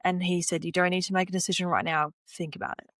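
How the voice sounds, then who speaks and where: A young woman with a fairly low voice tells her story in a relaxed, chatty way. She often acts out what she and others said, with plenty of "like" and "you know." The sound is close and dry, with no room echo. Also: quick pace. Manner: retells conversations by quoting herself and others. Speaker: podcast guest, former swimmer. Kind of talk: casual interview storytelling.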